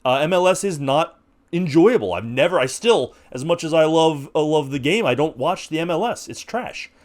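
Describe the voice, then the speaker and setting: A man's voice: a little high, lively intonation, moderate pace, darkish tone. American guy in his 40s ranting on his podcast, fired up, voice jumps all over, lots of restarts. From United States. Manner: impassioned, rhetorical, with frequent restarts. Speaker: podcast host. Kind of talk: opinionated monologue.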